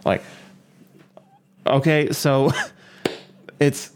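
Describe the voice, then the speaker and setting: A young man in casual gaming talk, getting excited and swearing freely, his voice leaping up when worked up. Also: lowish voice, normal speed. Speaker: podcast co-host.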